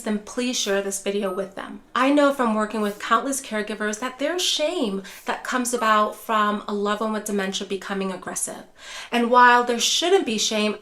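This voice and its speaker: A woman teaching dementia caregivers straight to camera, reassuring and direct, often speaking to them as care partners and softly modeling calming phrases. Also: fairly high pitch. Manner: warm, reassuring, addresses viewers as care partners; acts out gentle calming phrases in a soft voice.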